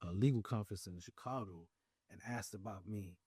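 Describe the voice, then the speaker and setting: Young New York man, interview guest, mellow voice, dry close sound, lively storyteller. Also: on the low side, a little fast, husky, dry recording. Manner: animated, acts out quoted voices. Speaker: podcast guest. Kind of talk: casual storytelling.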